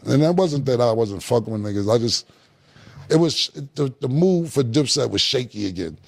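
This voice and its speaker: Gravelly man telling a story. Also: mid-range voice, animated, brisk. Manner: acts out quoted dialogue in a laid-back drawl. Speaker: podcast guest. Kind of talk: casual storytelling interview.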